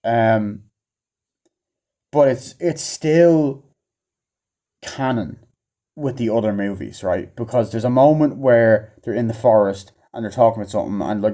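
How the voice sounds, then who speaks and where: A man's voice: lowish voice, normal speed, warm tone. A man giving a casual, rambling film review, swearing often and acting out lines from the film. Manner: rambling, frequent swearing and fillers; acts out film lines in raised voice. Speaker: movie reviewer. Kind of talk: casual rant.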